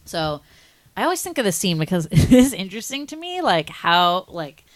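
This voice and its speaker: A young woman co-hosts a podcast in loose, casual chat, her speech full of "like". Her voice sits a little low. The recording is dry and close, with no room sound. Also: big pitch swings, moderate pace, no echo. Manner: chatty, many likes, acts out quotes in high voices. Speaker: podcast co-host.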